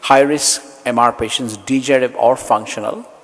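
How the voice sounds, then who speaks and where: Brief male conference speaker, measured slide-by-slide delivery, slightly husky voice, hall reverb. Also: mid-range voice, steady tone, fairly bright tone. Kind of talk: medical conference lecture.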